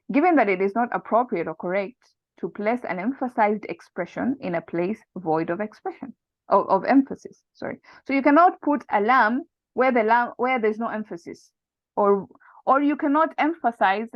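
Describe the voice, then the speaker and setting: A woman's voice: a little high, no echo. A woman leading a casual study group, walking through her translation step by step with restarts and fillers. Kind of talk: casual online lesson. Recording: dull dry lo-fi sound.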